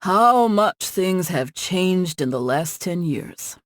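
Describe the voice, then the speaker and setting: A woman's voice: fairly low pitch, lively intonation, takes it slowly, dry recording, clean studio sound. Woman voicing a joking, easygoing tech boss.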